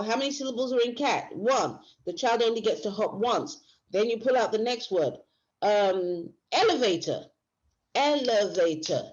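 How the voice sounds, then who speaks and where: In this dull, lo-fi recording, a female teacher with a medium pitch and darkish tone lectures at a workshop. She walks through the material step by step and frequently starts her phrases over.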